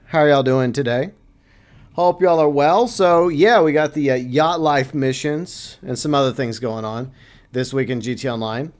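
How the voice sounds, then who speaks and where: A man's voice: medium pitch, normal speed. A man hosting a casual livestream, chatting loosely and reading out viewer comments. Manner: chatty, reads chat aloud, playful asides. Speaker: livestream host.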